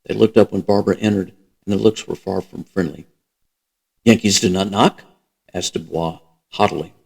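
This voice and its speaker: Man, low voice, gravelly, steady novel reading. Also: brisk, rough recording. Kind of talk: audiobook-style reading.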